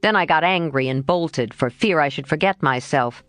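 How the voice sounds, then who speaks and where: A woman's voice: low-pitched, normal speed, no room sound, natural voice. A woman reading an audiobook, voicing a spirited teenage boy who growls his words in a sulky, indignant way.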